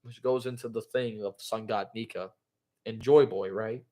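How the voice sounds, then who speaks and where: A man's voice: on the low side, fairly even intonation, normal speed, mellow. A man hosting a live stream, casually recapping a manga chapter in a rambling way, full of fillers and "bro". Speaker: livestream host.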